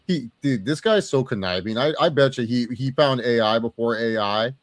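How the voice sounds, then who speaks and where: A young man co-hosting a casual movie review chat, animated and swearing freely as he acts out quotes. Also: mid-range voice, a little fast, no echo, studio quality. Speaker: co-host of a movie review show.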